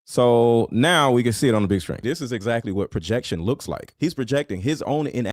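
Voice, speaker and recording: A man doing casual, blunt reaction commentary as a streamer, full of slang and loud laughing outbursts. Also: medium pitch, lively intonation, fairly quick, no echo, clean studio sound.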